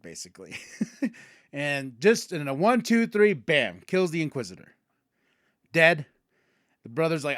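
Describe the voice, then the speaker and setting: A man hosting a podcast, retelling episodes in casual chat and excitedly acting out characters' lines. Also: mid-range voice, normal speed, dry recording, clean studio sound. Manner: excitable, acts out characters' lines mid-story. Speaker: podcast host.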